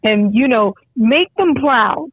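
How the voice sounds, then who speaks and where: A middle-aged mother on a phone call, talking in a rambling, halting way with many restarts. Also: fairly high pitch, expressive, husky, no echo. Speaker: caller, mother of a guest. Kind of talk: emotional phone chat. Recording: tinny phone line, dry.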